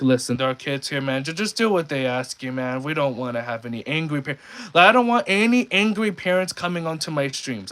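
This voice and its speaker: A man's voice: a little high, a bit bright, poor audio. A young man streaming live and chatting casually, reading comments from his viewers aloud and rambling with many restarts.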